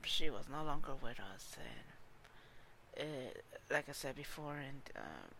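Brief: male podcast host, casual solo talk, stumbling and frank, bright sound. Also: medium pitch, creaky, a little hiss or hum. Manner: hesitant, many fillers and restarts; candid and informal.

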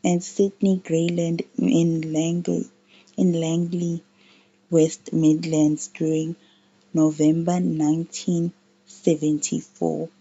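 A woman narrating a true crime account in a halting way, often stopping to restart and correct her words. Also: deep voice, flat delivery, warm tone, slightly rough, lo-fi sound.

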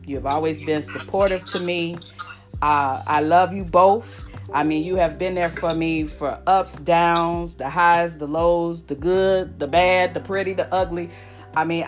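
A woman in her forties hosting a podcast, speaking with deep emotion to her lifelong friends, often repeating herself in a folksy way. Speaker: podcast host. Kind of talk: heartfelt casual chat.

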